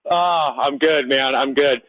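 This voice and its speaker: A man's voice: medium pitch, unhurried, fairly bright tone, dry recording, low-quality recording. Teasing male radio caller. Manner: teasing, playful. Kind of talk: casual call-in chat.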